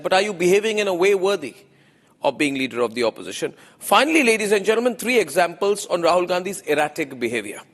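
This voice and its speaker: A man with an Indian English accent delivers an opinionated TV news monologue as anchor, emphatic and repeating phrases for effect. His high voice talks fast with big pitch swings, and a long reverb tail trails behind it.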